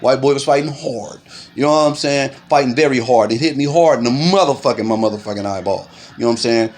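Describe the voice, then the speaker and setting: A middle-aged man telling a street story to camera in animated, profane casual talk, filling it with "you know what I'm saying" and punching sounds. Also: mid-range voice, fast talker, a little hiss or hum. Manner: makes punching sounds aloud.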